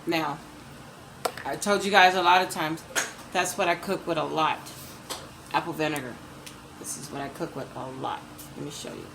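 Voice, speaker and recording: A woman's voice: low voice, fairly even intonation, normal speed, pauses often, noisy background. Chatty woman doing a kitchen demo. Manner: chatty, addresses viewers as "you guys"; repeats ingredient names as she adds them. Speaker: cooking vlogger. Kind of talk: casual cooking demo to camera. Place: home kitchen.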